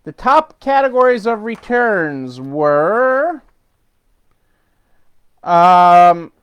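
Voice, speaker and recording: With big pitch swings and drawn-out words, a middle-aged man delivers his weekly business update in a high, smooth and resonant voice. He's chatty and unscripted, rambling with fillers, restarts and laughter.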